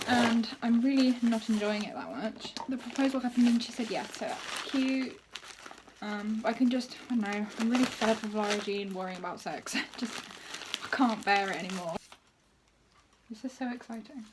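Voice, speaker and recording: A woman's voice: fairly high pitch, background noise. Chatty Southern English woman vlogging. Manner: chatty and rambling, laughs often, sometimes drops to a whisper. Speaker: book vlogger. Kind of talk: casual vlog chat. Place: at home, moving between rooms.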